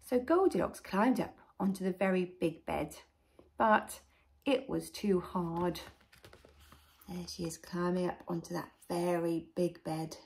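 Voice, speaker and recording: Nursery teacher, woman, storybook reading, expressive, coaxing, soft asides. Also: on the low side, gravelly. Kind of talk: storybook reading to young children.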